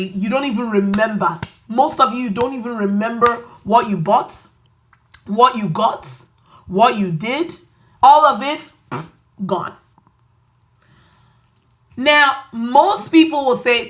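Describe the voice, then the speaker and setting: A woman's voice: fairly high pitch, unhurried, long pauses, fairly bright tone. A woman with a Nigerian accent hosting a podcast, giving an emphatic, preachy motivational monologue with playful asides. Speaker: podcast host.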